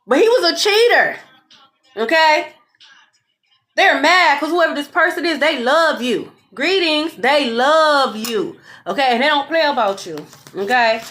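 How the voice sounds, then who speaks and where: Sassy, high-pitched woman reading tarot. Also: unhurried, faint music behind. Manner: blunt, profane, sassy and animated; repeats "okay?" often. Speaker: tarot reader.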